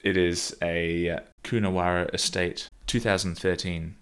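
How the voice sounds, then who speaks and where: A man's voice: sits low, flat delivery, a little slow, smooth. A young man co-hosting a podcast, chatting playfully and laughing often. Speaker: podcast co-host. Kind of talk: casual chat.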